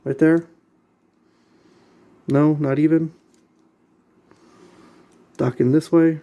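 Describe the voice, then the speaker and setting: A man's voice: a little high, little pitch movement, very slow, warm tone. Exasperated man muttering through a build. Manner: exasperated, muttering, repeating himself. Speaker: vlogger building a model kit. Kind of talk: casual talk while assembling.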